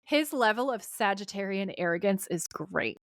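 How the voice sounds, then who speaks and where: A woman co-hosting a podcast, recapping a TV episode in casual chat, animated and swearing freely. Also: mid-range voice, normal speed, no room sound, studio quality. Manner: animated, swears freely, acts out quoted lines. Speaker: podcast co-host.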